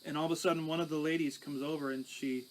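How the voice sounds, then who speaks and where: A man's voice: a little high, fairly even intonation, fast, slight background noise, low-quality recording. A pastor telling his life testimony in a conversational, storytelling way. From Canada. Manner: conversational, recounting with small restarts.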